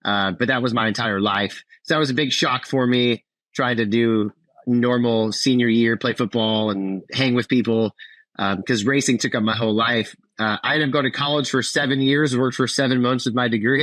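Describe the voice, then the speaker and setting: A man in his thirties from Minnesota, with a Minnesota accent, telling his story as a podcast guest in a relaxed, casual way. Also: medium pitch, normal speed, no room sound, poor audio. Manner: relaxed, casual, fillers and restarts. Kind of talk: interview storytelling.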